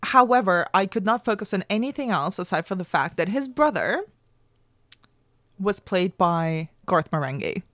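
A woman hosting a podcast chat, her pitch rising and falling freely. She sounds close and dry, with no room around her voice. She speaks with enthusiasm and strong opinions. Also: animated, moderate pace, a bit bright, dry recording. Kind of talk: casual chat.

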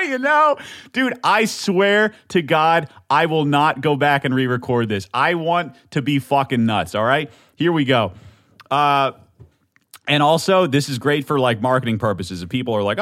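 A young man hosting his own podcast, rambling and swearing in a manic, excitable way as he pitches the show. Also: normal speed, no echo, studio quality. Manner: manic, rambling, swearing, bursts of shouting and laughter. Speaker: podcast host. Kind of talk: casual solo podcast teaser.

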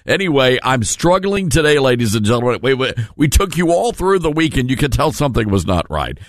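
A man's voice: mid-range voice, big pitch swings, brisk, no echo. A man hosting a conservative talk radio show from a studio, telling folksy joking stories with a froggy voice from the flu. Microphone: studio mic.

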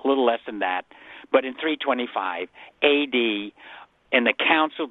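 A man's voice: mid-range voice, dry recording. A man as a guest scholar on a call-in radio show, explaining scripture earnestly and often restarting his sentences. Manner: earnest, explanatory, repeats himself. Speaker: guest Bible scholar answering callers. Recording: dry phone-line sound.

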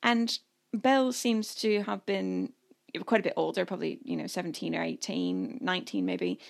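A woman in her thirties from Canada co-hosting a podcast, telling a story in a chatty, animated way and often laughing. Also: lowish voice, normal speed, vocal fry. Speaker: podcast co-host. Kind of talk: casual storytelling chat.

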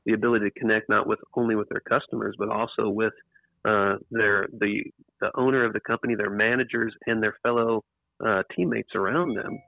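Man with gravelly voice over phone-like line. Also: lowish voice, fairly even intonation, a little fast, no echo. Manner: rambling, with restarts and emphatic repetition. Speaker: author and interview guest. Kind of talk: casual interview talk. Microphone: computer microphone. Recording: tinny phone-like line, dry.

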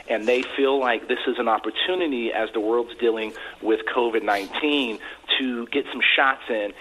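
A man's voice: mid-range voice, fairly bright tone, a little hiss or hum. A congressman giving earnest interview answers by phone, often repeating words as he starts his sentences. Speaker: congressman guest. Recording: tinny phone line.

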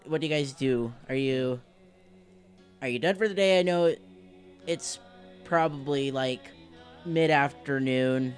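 A game master narrating a tabletop game, giggling and tossing out quick asides. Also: medium pitch, faint music behind.

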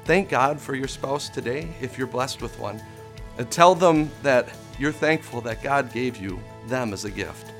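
A man's voice: medium pitch, measured pace, creaky, a bit bright, soft background music. A man preaching a conversational sermon, often restarting words and chuckling as he talks.

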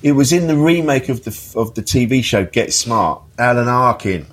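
A man's voice: medium pitch, lively intonation, moderate pace, fairly bright tone. A man, a podcast guest telling funny stories in casual chat, laughing often and swearing freely. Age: 50s. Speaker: interview guest.

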